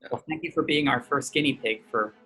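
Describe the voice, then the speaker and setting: A man's voice: mid-range voice, bright, forceful tone, soft background music, rough recording. A man interviewing a colleague outdoors, firing off questions and teasing his guest. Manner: playful, teasing, quick questions. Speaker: interviewer, church organist. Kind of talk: casual interview.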